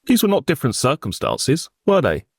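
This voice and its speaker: Male prosecutor for a courtroom reenactment: formal, probing, lively pitch, dry close sound. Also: fairly quick, slightly rough, no room sound. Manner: formal, probing, pointed questions. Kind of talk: courtroom cross-examination reenactment.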